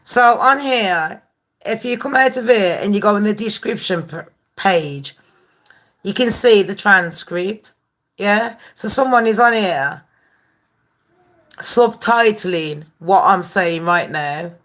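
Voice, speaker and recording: A woman's voice: mid-range voice, slow, fairly bright tone. A woman hosting a gossip live stream, chatting casually, swearing freely and greeting viewers by name. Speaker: gossip channel host.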